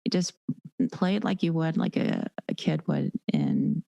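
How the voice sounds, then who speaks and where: A woman dominatrix and educator talking casually as a podcast guest, animated, acting out quoted lines. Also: low voice, measured pace, creaky, dry recording, lo-fi sound. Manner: animated, acts out quoted voices.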